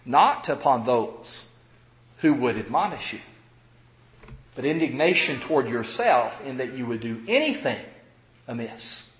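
A man preaching a sermon, swinging between loud, stressed phrases and quiet, low asides. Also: echoey room.

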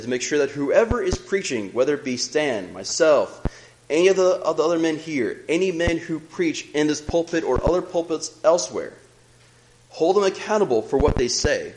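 A man's voice: a little high, darkish tone, slight background noise, poor audio. Earnest male preacher giving a sermon. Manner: earnest, measured, reads scripture aloud.

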